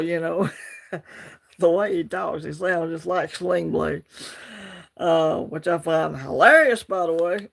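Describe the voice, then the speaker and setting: Southern alabama guy hosting a laid-back stream, gravelly voice, kinda high. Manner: laid-back, rambling, greets chat by name. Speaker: livestream host. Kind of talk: casual livestream chat.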